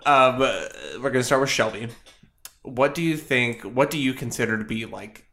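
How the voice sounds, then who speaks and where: A man's voice: mid-range voice, animated, moderate pace, gravelly, bright, forceful tone. Rambling man hosting a chat show. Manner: rambling, lots of fillers and restarts. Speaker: podcast host. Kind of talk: casual chat.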